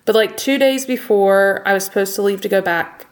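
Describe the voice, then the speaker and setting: A young woman speaks as an interview guest, telling her story plainly and candidly. Her voice sits at an ordinary pitch and pace for a woman, steady and unadorned. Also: normal speed. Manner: candid and plainspoken, recounting events.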